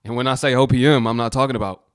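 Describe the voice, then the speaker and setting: A man's voice: medium pitch, steady tone, rapid-fire, smooth, dry recording, clean studio sound. A man giving casual, confident advice, explaining things step by step.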